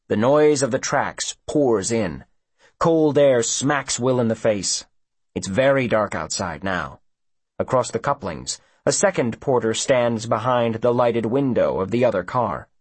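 A male audiobook narrator with a husky voice and a lively, rising and falling delivery. He tells the story expressively, recorded close and dry with no room sound. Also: mid-range voice, no echo. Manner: expressive storyteller voicing each character.

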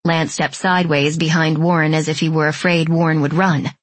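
A woman narrating an audiobook in an even, measured storytelling voice. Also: sits low, no echo. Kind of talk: scripted narration.

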